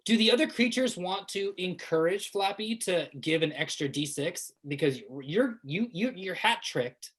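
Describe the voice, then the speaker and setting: A woman game master runs a tabletop session with a lower-pitched but very lively, animated voice. She laughs freely and tosses out quick asides as she steers the players. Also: low-quality recording.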